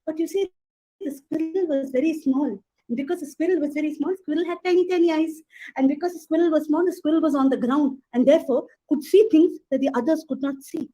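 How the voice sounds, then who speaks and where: Brief: woman storyteller, chatty and lively, high voice. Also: fairly quick, poor audio. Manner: lively, chatty, asides to listeners. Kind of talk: animated oral storytelling.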